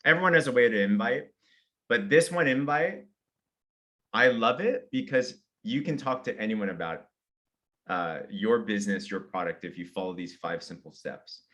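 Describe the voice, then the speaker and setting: A man giving an energetic sales training talk, walking through simple steps and acting out example messages. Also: on the low side, dull audio. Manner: energetic, fast, acts out example invitations.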